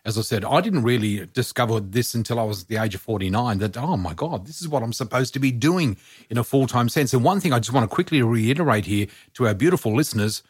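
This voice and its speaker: Older male podcast guest, 60s, sincere and encouraging, mid pitch, dry close recording. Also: lively intonation, fast talker, breathy edge, no echo. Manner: earnest, encouraging, addresses listeners directly. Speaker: guest, psychic medium. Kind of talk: casual podcast chat.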